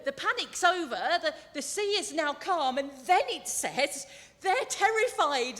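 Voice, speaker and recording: A woman preaches in a church, her bright voice ringing out with a long reverb. She speaks slowly and earnestly, dropping low then rising to emphatic peaks. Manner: earnest, swings from hushed to emphatic. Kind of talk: sermon.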